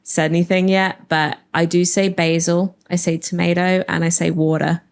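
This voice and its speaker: A woman from England with a softened English accent, a restaurant co-founder chatting casually on a podcast and laughing easily. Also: lowish voice, little pitch movement, moderate pace, smooth. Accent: English, softened by years in America. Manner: laughs easily, lots of "like" fillers.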